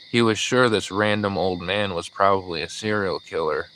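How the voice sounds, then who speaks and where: A man narrating an audiobook in a measured, even storytelling manner. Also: low voice, a little hiss or hum, low-quality recording. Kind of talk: scripted narration.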